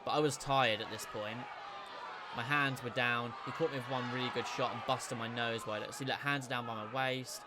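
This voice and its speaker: A young man reacting to footage of his own boxing match, giving animated, self-critical play-by-play. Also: medium pitch, moderate pace. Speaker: boxing video creator. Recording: noticeable background noise.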